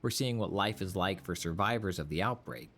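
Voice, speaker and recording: A man narrating a documentary, explaining the events on screen in a measured way. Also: low voice, creaky, a bit bright. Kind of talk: explanatory commentary.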